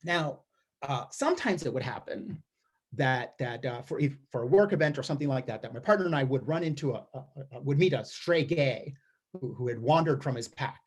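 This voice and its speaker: A man's voice: mid-range voice, animated, a little fast, slightly rough. A man giving a wry, observational comic storytelling monologue, often restarting his sentences. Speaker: storyteller performer. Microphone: streamed performance mic.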